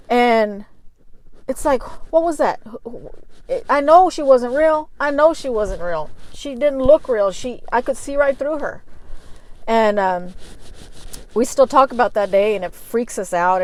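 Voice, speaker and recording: A middle-aged woman, telling a personal story to her viewers in a casual, animated way. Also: mid-range voice, low-quality recording. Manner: animated, addresses viewers as y'all. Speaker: vlogger.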